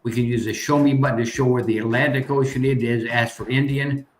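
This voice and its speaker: A man's voice: medium pitch, fairly even intonation, brisk, roomy sound, slight background noise. An older man, the student's uncle, patiently demonstrating a geography game step by step as a teacher.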